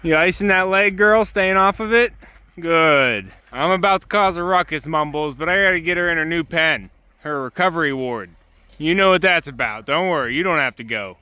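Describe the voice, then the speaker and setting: A man's voice: fairly high pitch, normal speed, smooth, dry recording. A man on a homestead talking casually and soothingly to his chickens and dog in the coop on a winter day. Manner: gentle, coaxing, soothing talk to animals. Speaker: homesteader vlogger.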